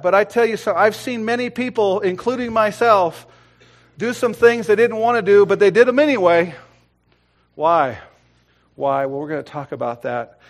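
Middle-aged male preacher with a high voice, delivering a sermon that swings from loud emphasis to hushed tones.

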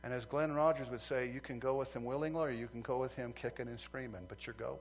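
A male preacher delivering a sermon, swinging from loud fervent outbursts to quiet earnest asides. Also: mid-range voice, fast talker.

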